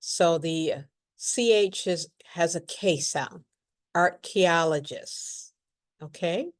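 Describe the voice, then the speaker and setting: A woman giving a pronunciation lesson in a lowish voice. She speaks slowly and carefully, saying each word clearly so learners can repeat after her. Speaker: English pronunciation teacher.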